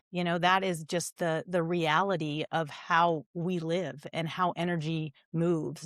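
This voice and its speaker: Earnest middle-aged woman, low voice. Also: no room sound, studio quality. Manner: earnest, reflective storytelling. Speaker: podcast guest, author. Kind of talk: podcast interview. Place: her home.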